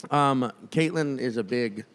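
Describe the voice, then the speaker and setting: A man's voice: mid-range voice, a little slow. A man co-hosting a comedy podcast, riffing playfully on silly tangents and swearing casually. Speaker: podcast co-host.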